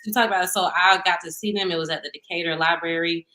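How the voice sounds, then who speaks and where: Talking fast in a fairly low voice, a woman in her 30s co-hosts a casual podcast chat. She tells stories animatedly, with frequent laughter and acted-out quotes.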